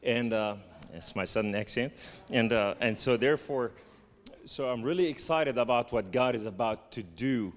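Lebanese-accented preacher in reverberant hall. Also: male voice, mid-range voice. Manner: halting, joking, repeats fillers like "and so therefore". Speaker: guest preacher. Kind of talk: sermon. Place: church sanctuary.

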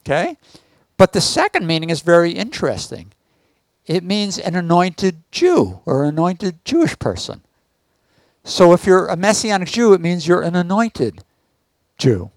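A man's voice: high voice, sing-song, a little slow, no room sound. A man giving a teaching sermon to a congregation, often stopping to ask the listeners whether they follow. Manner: asks the audience check questions. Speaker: Messianic teacher.

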